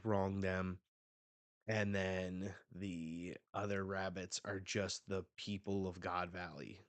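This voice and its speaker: Man, laid-back streamer, low voice, slow drawl, casual fillers. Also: no room sound. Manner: laid-back, with fillers, reads aloud and comments. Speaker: streamer reacting to a manga chapter. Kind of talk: casual live reaction.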